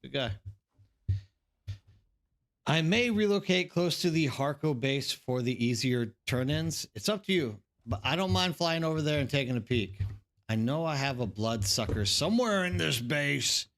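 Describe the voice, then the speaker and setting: A man's voice: fairly high pitch, animated, normal speed, a bit bright. A man streaming a game live, chatting casually and rambling to his viewers, calling them by name.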